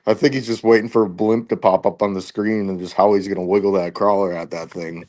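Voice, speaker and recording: A man's voice: sits low, flat delivery, quick pace, a little mellow. Laughing man telling stories. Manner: rambling, laughs often between lines. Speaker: podcast guest, tournament angler. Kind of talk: casual storytelling chat.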